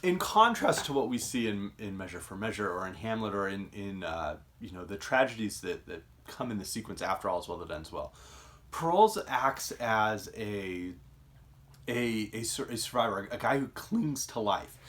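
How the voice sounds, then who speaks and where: A man's voice: lowish voice, expressive, normal speed, fairly bright tone. A man hosting a casual literary discussion, thoughtful and musing, often restarting his sentences. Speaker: podcast host.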